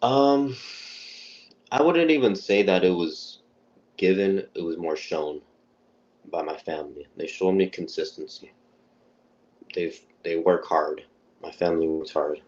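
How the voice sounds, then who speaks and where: A young man with a very low, deep voice talks over a dull, muffled phone line. He speaks in a laid-back way and often repeats his words while he gathers his thoughts. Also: a little slow, long pauses, a little mellow. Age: young adult. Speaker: boxer, interview guest. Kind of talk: casual call-in interview. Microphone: phone on a call. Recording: dull phone-call audio.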